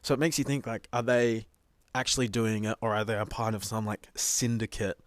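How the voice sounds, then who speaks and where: Man, casual podcast chat, reflective, thinks aloud, somewhat low pitch, dry sound. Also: steady tone, brisk, dry recording. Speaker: podcast co-host.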